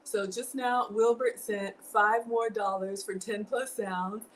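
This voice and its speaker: A woman's voice: mid-range voice, fairly even intonation, slow pace, a little hiss or hum, rough recording. Chatty woman cooking live. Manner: chatty, thanks viewers and reads out donations. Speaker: home cook livestreamer. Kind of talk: casual livestream cooking chat. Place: home kitchen.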